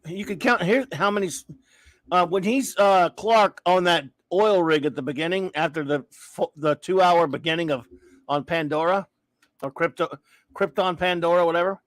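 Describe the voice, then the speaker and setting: A man's voice: sits high, normal speed, no room sound. A man hosting a casual live chat show, ranting and breaking off to read viewer comments aloud. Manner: ranting, restarting sentences, reading chat aloud. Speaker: host.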